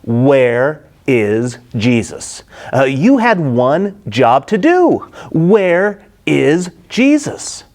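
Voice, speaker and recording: A man's voice: mid-range voice, very animated, drawn-out words, hardly any pauses, darkish tone, exaggerated voice. A man acting out mocking, exasperated Pharisee leaders, with a wide-ranging delivery. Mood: scornful. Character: scornful male Pharisees, indignant religious leaders.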